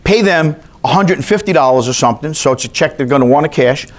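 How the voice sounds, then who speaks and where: With a fairly high voice, lively intonation, and a fast pace, a New York man tells chatty stories to his continuing education class and quizzes them along the way.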